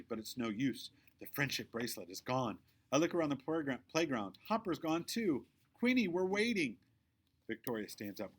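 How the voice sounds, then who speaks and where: A man reading a children's chapter book aloud, with expressive storytelling in a middle pitch. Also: slightly rough. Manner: expressive storytelling, dropping low for narration tags. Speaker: reader.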